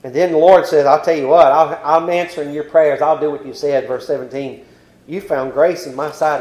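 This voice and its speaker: A male preacher giving a sermon. He recites King James scripture and moves between hushed, quiet passages and loud, pleading ones. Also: on the high side, fairly even intonation, normal speed, roomy sound, low-quality recording. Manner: swings from hushed near-whispers to loud impassioned pleading.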